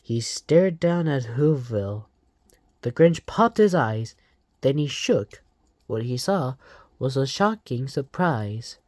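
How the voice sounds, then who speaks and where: A channel host slowly reading a storybook aloud, emotional about the story. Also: mid-range voice, lively intonation, a little mellow, no room sound.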